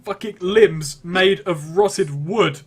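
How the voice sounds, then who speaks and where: A man's voice: sits high, slow, slightly rough. A man playing in a tabletop role-playing game, joking wryly and swearing about his character. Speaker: player.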